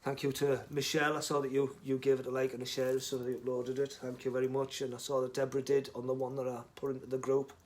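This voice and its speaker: A man chatting casually on a live stream, rambling, joking and swearing, muttering asides and then loudly greeting viewers. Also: mid-range voice, monotone, fast, hardly any pauses.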